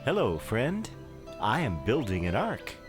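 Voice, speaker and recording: Man doing calm pious Noah for a kids' cartoon, earnest storybook read, lively pitch, music bed underneath. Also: measured pace. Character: calm pious male biblical patriarch. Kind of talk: scripted children's cartoon narration.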